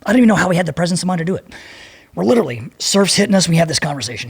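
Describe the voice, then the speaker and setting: A man's voice: a little high, expressive, racing, vocal fry. A man in his fifties, a podcast guest, telling rambling, profane war stories in a casual way. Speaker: podcast guest, former Navy SEAL. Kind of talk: casual storytelling.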